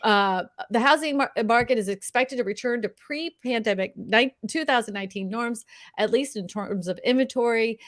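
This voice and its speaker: A woman hosting a casual live stream, upbeat and quick to laugh, talking with many fillers and restarts. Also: on the high side, fairly bright tone. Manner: laughs often, upbeat and chatty; filler-heavy, restarts often. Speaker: real estate live stream host.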